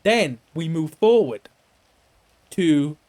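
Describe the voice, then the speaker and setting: A man's voice: on the high side, expressive, drawn-out words, a little mellow, a little hiss or hum. A man recapping an investigation in character, rambling and swearing a lot, sometimes mimicking other people. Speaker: roleplay streamer.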